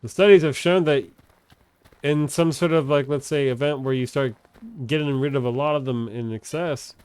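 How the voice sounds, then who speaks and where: A man's voice: medium pitch, moderate pace, a little mellow, clear, resonant tone, no echo. Profane, rambling male streamer. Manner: rambling, profane, trails off and restarts often. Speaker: live streamer. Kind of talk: casual chat while gaming on stream.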